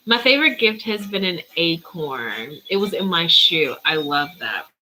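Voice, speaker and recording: Woman spiritual reader, bright unhurried livestream chatter, faint noise behind. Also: lowish voice, lively intonation, low-quality recording. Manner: chatty, easily sidetracked, playful. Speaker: spiritual reader hosting a live Q&A. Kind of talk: casual livestream chat answering comments.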